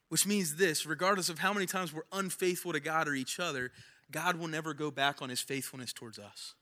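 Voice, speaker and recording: A man's voice: fairly high pitch, brisk, bright, forceful tone. A young man preaching a sermon in a casual, conversational way, repeating phrases for emphasis. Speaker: pastor.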